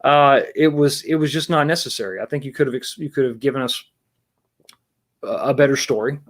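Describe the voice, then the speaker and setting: A man's voice: mid-range voice, fairly quick. A man hosting a casual livestream talk show, rambling with many restarts and greeting viewers in the chat.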